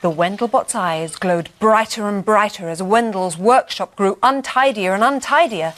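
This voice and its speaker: A woman reading a bedtime story aloud in a gentle, expressive way. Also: mid-range voice, normal speed, few pauses.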